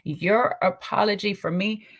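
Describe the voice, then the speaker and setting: A woman's voice: mid-range voice, steady tone, unhurried. A woman hosting a casual livestream, sassy and chatty, greeting viewers by name and tagging sentences with "okay?". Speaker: livestream host.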